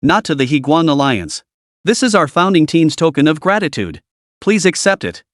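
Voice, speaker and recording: A man's voice: on the high side, very animated, normal speed, fairly bright tone, no echo, studio quality. A man voicing a solemn, earnest company founder. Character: solemn, grateful male tech founder.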